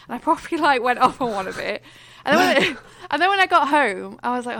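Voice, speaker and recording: A woman's voice: high voice, lively intonation, fast talker, a bit bright, dry recording. A young British woman co-hosting a podcast, ranting in exasperation about everyday irritations and then laughing at herself. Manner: exasperated ranting, self-deprecating. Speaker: podcast co-host. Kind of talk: casual chat.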